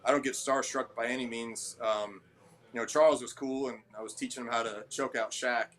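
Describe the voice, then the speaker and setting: A man who owns a gym talks in a casual interview. His voice sits at a middle pitch, and his manner is blunt and a little abrasive as he acts out people's lines in stories. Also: steady tone, fairly quick, a bit bright. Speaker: gym owner and trainer.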